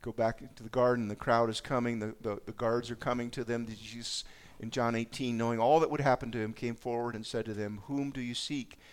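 A man's voice: mid-range voice, steady tone, fairly quick, hardly any pauses, smooth. A man preaching a sermon, reading scripture aloud and reflecting on it in a conversational way. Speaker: pastor.

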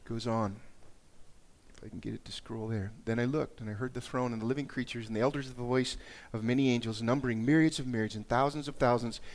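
A man's voice: mid-range voice, fairly even intonation, fast talker. A man preaching a conversational sermon, often repeating and restarting words and raising his voice when he reads scripture aloud. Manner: conversational, dramatic rises in voice while reading scripture. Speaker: pastor.

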